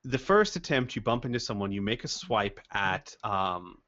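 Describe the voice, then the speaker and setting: A man's voice: lowish voice, lively intonation, moderate pace, sharp tone, muffled recording. A man running a tabletop game as game master, laying out scenes step by step. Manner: lays out scenes step by step, hesitant fillers.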